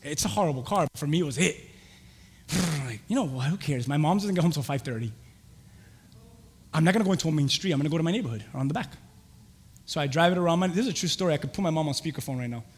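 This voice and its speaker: A young man preaching a sermon, telling a lively personal story with laughter and acted-out voices. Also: a little high, racing, husky. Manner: animated, laughing, acts out voices in his stories. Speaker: pastor. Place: church. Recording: church hall reverb.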